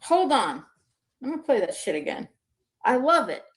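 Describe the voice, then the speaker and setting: A woman's voice: sits high, very animated, moderate pace, breathy edge. A woman podcast host from the northern US, giving casual, joking, profane commentary.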